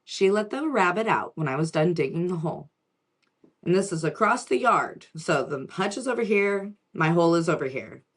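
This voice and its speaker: A woman's voice: lowish voice, expressive, normal speed, breathy edge. A woman in her forties, a spiritual reader, telling a personal story in a chatty way with frequent restarts and asides.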